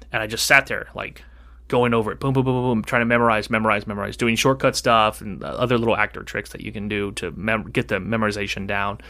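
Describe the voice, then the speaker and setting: A man co-hosting a podcast, casually telling a rambling story and acting out the dialogue as he goes. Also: mid-range voice. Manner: rambling, animated, acts out quoted dialogue. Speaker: podcast co-host.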